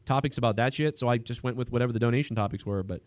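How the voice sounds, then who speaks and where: A man's voice: medium pitch, rapid-fire, no room sound. A man hosting a livestream in casual chat, rambling with frequent restarts and trailing thoughts. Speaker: livestream host.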